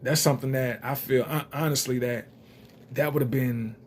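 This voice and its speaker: A man's voice: medium pitch, steady tone, normal speed, slight background noise. Young man rambling casual commentary. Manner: rambling, loose slang, many fillers. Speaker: reality TV commentator.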